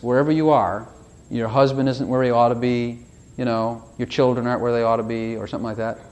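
A man delivers a casual, wandering sermon in a medium-pitched voice. He speaks like he is chatting with the congregation, tossing in rhetorical questions and dropping from sudden loud bursts to quiet asides. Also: fairly even intonation, a little fast, highs cut off. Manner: folksy and rambling, with rhetorical questions. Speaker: preacher. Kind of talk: conversational sermon.

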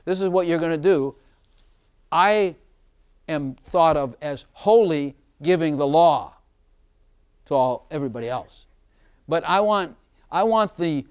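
A man preaching an informal sermon, chatty and often laughing, slowing down to stress scripture lines. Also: fairly high pitch, darkish tone.

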